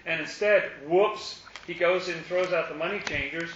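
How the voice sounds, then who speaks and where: Animated man teaching a Bible study. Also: fairly high pitch, normal speed, few pauses. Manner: animated, asks questions, acts out the crowd's lines. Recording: echoey, muffled room recording with faint hiss.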